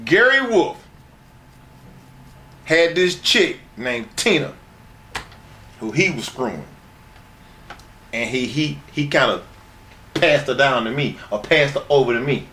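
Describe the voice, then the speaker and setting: A man's voice: medium pitch, sing-song, unhurried, pauses often, pushed and bright, reverberant, a little hiss or hum. A man telling crude, rambling stories as an interview guest, often laughing as he talks. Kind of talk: profane shoot-interview storytelling.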